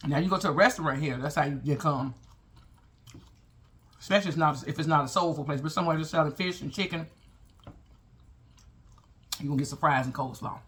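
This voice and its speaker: A man with a fairly high voice talks casually to his viewers between bites. He chats and tells stories while he eats. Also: a little fast, long pauses, fairly bright tone. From Chicago. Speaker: mukbang vlogger. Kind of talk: casual mukbang chat.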